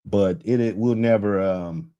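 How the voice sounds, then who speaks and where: A man's voice: fairly low pitch, a little slow, mellow, clear, resonant tone, dull audio. Laid-back rambling male host. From United States. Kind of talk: casual street talk.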